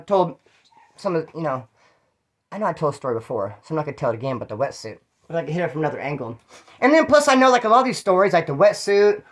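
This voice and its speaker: A man hosting his own channel, telling prison stories in a rambling, profane, streetwise way. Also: on the high side. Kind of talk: casual first-person storytelling.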